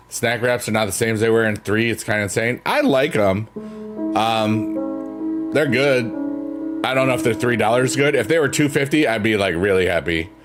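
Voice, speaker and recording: A man casually chatting with his stream viewers, rambling and laid-back, laughing at himself. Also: on the low side. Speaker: livestreamer. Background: soft piano music.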